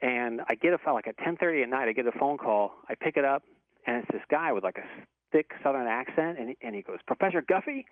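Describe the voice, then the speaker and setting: A man's voice: medium pitch, animated, fast, no echo. A man who is a professor tells a long story in a casual, rambling way, full of restarts and fillers. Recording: tinny, dry phone-like sound.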